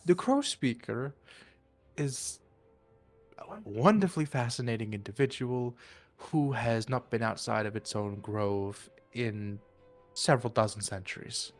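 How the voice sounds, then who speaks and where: A man's voice: mid-range voice, measured pace, faint music behind, natural voice. A man voicing a jittery male scholar who has been holed up in tunnels, stammering and flustered. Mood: earnest.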